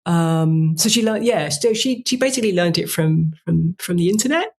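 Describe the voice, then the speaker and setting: A woman from England with a polished, posh accent and a gravelly, creaky edge to her voice. She talks loosely in a relaxed interview, with easy laughs and fillers. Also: lowish voice, normal speed. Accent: posh English (Cambridge-learned). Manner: chatty, laughs often, hedging fillers. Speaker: author and falconer, guest. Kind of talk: casual interview chat.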